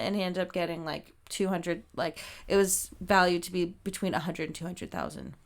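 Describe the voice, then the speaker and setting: Animated woman recapping a movie. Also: fairly low pitch, normal speed, hardly any pauses. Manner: animated retelling with casual swearing and frequent "like". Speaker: podcast co-host. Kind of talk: casual chat, retelling a movie plot.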